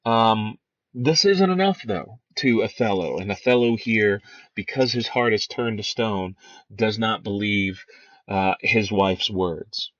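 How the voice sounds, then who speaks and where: A man's voice: lowish voice, slow, fairly bright tone, dry recording. A man teaching a lesson on a play, talking casually with many fillers and restarts. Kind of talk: lecture on a play, reading quotes aloud. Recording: dry, dull lo-fi recording.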